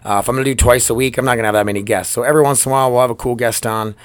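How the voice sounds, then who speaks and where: A man's voice: medium pitch, fairly even intonation, racing, smooth, dry recording. Casual rambling male podcast host. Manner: loose, rambling, profane, upbeat. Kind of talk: casual solo podcast chat. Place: storage room at work. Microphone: laptop microphone.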